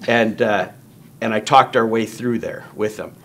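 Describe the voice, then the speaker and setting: A man's voice: fairly low pitch, unhurried, gravelly, fairly bright tone. A man telling a long story in casual conversation, acting out quoted lines in raised voices. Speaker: guest storyteller.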